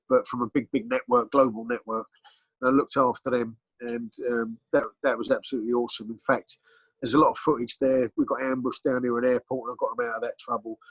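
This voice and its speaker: A former bodyguard, a middle-aged Englishman, guests on a podcast with rambling, blunt storytelling laced with ums and restarts. His voice is mid-range, husky and a bit bright; the audio is poor, though free of room sound.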